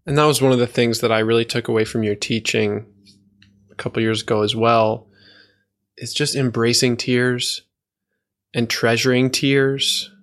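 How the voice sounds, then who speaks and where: A man's voice: mid-range voice, steady tone, moderate pace. Attentive male podcast host. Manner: attentive, gently probing questions. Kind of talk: conversational podcast interview.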